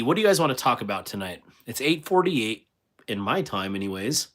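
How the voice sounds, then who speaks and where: A man's voice: medium pitch, sing-song, brisk, a bit bright. A man hosting a casual livestream, rambling with many fillers and restarts while he reads viewer comments aloud and answers them. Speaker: livestream host.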